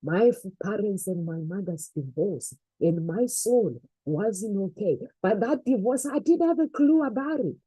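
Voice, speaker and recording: A woman's voice: medium pitch, animated, a little slow, few pauses, mellow, breathy edge, no echo, low-quality recording. A woman giving an earnest, faith-based motivational talk, repeating phrases for emphasis. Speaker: motivational speaker.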